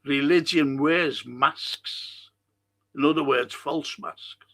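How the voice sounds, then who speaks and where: Slow and sharp in tone, with a pitch on the high side, a middle-aged Liverpudlian man from England hosts a live talk stream. He reads viewer comments in a rambling, blunt, indignant monologue and swears freely.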